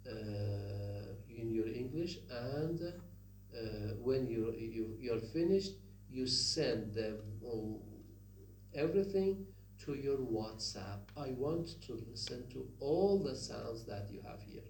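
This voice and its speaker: Slow, emphatic male lecturer. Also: mid-range voice, animated, a little mellow. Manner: emphatic, repeats demonstration sounds, frequent checking "okay?". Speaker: university lecturer. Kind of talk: phonetics lecture. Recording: echoey room with faint hum.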